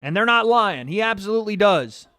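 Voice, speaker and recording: A man calls a fight live for his watch-party stream, in a high, bright voice. He names each punch as it lands and swears freely, erupting into excited yells when the action swings. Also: fairly quick, no echo, clean studio sound.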